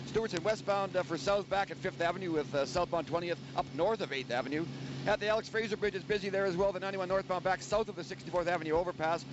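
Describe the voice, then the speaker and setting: A man giving a radio traffic report from a helicopter, quick and joking. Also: high-pitched. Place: helicopter in flight. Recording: dull, noisy helicopter radio link.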